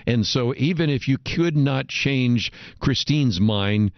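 A man hosting a radio interview, steering the talk in a measured way and citing passages. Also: mid-range voice, animated, no echo, highs cut off. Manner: measured, guiding, quotes from a book. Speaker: radio talk show host.

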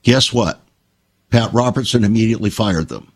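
A man's voice: on the low side, normal speed. An older man, a Christian broadcaster, telling stories in an earnest, emphatic way on a conversational talk show.

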